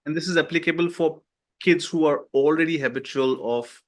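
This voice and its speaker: A man's voice: a little high, brisk. Podcast host man asking questions. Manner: asks brief follow-up questions. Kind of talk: podcast interview.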